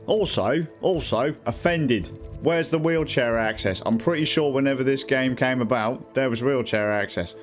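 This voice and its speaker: A man's voice: medium pitch, normal speed, few pauses. A man with a British accent, swearing and joking through casual gameplay commentary. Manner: crude, joking, swears a lot. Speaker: gaming streamer. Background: faint game music.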